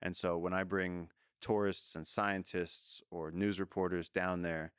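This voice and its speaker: A man who is a guest in an interview, telling animated jungle stories and acting out the voices of people and animals. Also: sits low, measured pace, clean tone, no room sound, clean studio sound. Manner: animated storyteller who acts out voices in quotes. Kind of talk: storytelling in a casual interview.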